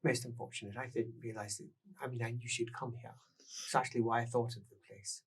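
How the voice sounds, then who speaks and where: The game master voicing a regretful woman in her fifties who talks quietly about her past. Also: medium pitch, little pitch movement, quick pace, slightly rough, distant mic, lightly acted. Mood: wistful. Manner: soft, quiet, wistful.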